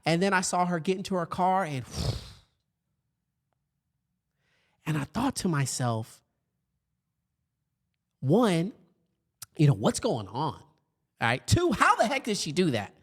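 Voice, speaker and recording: A man with a fairly high voice talks to educators in an easygoing, animated way. He leans on fillers and quick asides, and often puts on other voices when he quotes people. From grew up in foster care. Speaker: podcast host and speaker for educators. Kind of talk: motivational talk.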